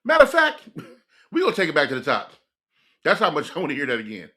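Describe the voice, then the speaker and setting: Young male reaction host, high-pitched, loose and rambling, keeps saying "like". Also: quick pace. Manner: excitable, rambling, fills speech with "like". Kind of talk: casual reaction commentary.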